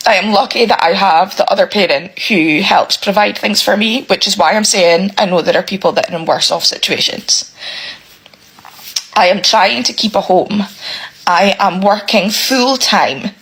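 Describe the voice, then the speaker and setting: This low-quality recording captures a woman raising kids alone as she vents to the camera, on the verge of crying and cursing heavily. She speaks at a moderate pace in a medium-pitched, fairly bright, slightly rough voice, sounding exasperated and going over the same points again and again.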